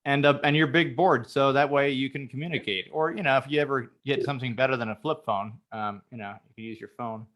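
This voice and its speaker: A man's voice: mid-range voice, fast, hardly any pauses, a bit bright. A man from the United States co-hosting a podcast, joking and rambling in casual chat. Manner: joking, rambling, tells jokes with put-on voices. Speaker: podcast co-host.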